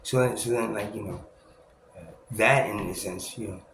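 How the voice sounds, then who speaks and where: A man's voice: lowish voice, moderate pace, creaky. A man talking in a rambling self-recorded monologue, restarting often, swearing and laughing as he puts on other people's voices. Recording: echoey room with loud ambient noise.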